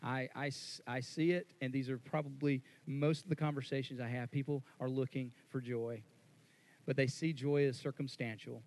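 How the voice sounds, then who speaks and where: Conversational pastor preaching. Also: male voice. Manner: conversational, rises louder and higher when worked up; repeats words and restarts often. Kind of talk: sermon.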